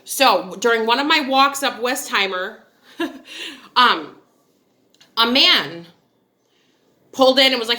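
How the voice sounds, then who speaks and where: This is a woman in her thirties, originally from upstate New York, who chats straight to her viewers. She tells a candid personal story that wanders off into asides as she goes. Her voice sits a little high and sounds bright and sharp. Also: expressive, slow pace, long pauses. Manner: candid, chatty and digressive, with frequent asides. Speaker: vlogger. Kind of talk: casual storytelling.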